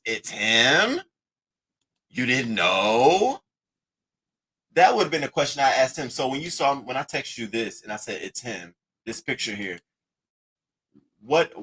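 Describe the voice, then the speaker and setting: A man hosting a casual commentary, reading text messages aloud and reacting to them with a profane, animated delivery. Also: medium pitch, slightly rough, low-quality recording. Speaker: commentary host.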